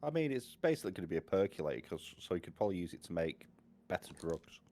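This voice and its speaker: A man with a very low voice throwing in quick, dry asides as co-host. He talks fast and casually, with the easy tone of friendly chat. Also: sing-song, a little mellow, a little hiss or hum.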